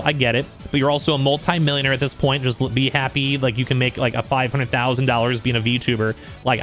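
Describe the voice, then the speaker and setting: A man's voice: medium pitch, a bit bright. A man streaming casual commentary on online drama, talking bluntly and slangily and peppering his speech with dude and like. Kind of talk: casual commentary reading out messages.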